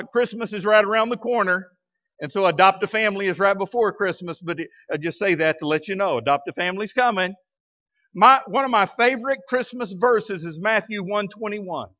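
A male American pastor with a high voice preaches a sermon in a church, talking conversationally and posing rhetorical questions to his congregation. The highs in the recording are cut off.

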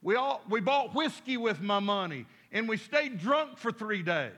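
Man doing a loud, high old drunkard, pleading, white-whiskered, bright and forceful. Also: lively intonation, a little slow, full character voice. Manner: pleading, raised voice.

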